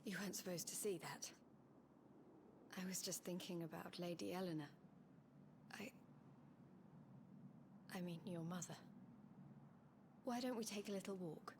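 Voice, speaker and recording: An actress playing a wistful young warrior woman in a video game, speaking softly and reflectively. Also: on the low side, measured pace, pauses often, background noise. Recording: game audio with music behind.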